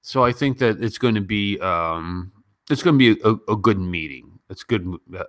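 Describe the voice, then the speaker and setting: A man in his late forties from Gary, Indiana, hosting a casual live chat and answering viewer questions. His voice sits very low and sounds dry and close, with no room around it. He delivers sardonic, deadpan quips between lots of ums. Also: moderate pace, dry recording. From Gary, Indiana, United States.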